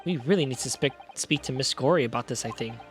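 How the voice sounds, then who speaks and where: A man putting on a gruff Scottish old-timer. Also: medium pitch, fast, soft background music, lightly acted. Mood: explaining. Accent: put-on Scottish. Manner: brusque, dismissive, broad dialect words. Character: gruff older Scottish man, defensive and evasive. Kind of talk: reading a game character aloud in a put-on voice.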